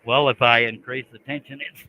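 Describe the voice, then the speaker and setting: A man's voice: medium pitch, steady tone, fairly quick, dull audio. A man hosting a live stream, chatting casually and joking to himself as he works in his workshop. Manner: joking, talks to himself while working. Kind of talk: casual chat while woodworking.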